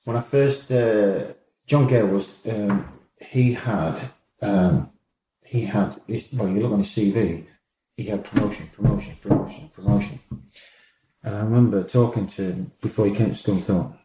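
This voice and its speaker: Ex-football boss with a mellow, roomy voice. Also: male voice, fairly low pitch, moderate pace, slight background noise. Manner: animated storyteller, acts out quoted dialogue, laughs often. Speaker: former football manager. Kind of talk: anecdotal interview storytelling. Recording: roomy echo.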